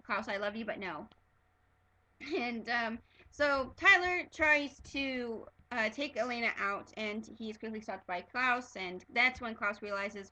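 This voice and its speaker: A woman excitedly reviewing a TV episode in a casual fan vlog, gushing and stumbling over fillers and restarts. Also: a little high, a little slow, low-quality recording.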